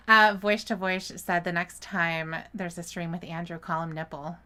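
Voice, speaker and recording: A woman's voice: on the low side, fairly even intonation, measured pace, sharp tone. A woman co-hosting a live podcast stream, chatting casually and laughing often in a teasing way. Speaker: podcast co-host.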